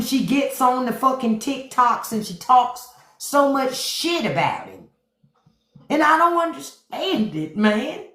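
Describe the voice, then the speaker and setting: A woman's voice: on the high side, roomy sound. A woman hosting a live stream, ranting about politics to her chat in a profane, sarcastic, mocking way. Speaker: podcast host on a live stream. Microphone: phone.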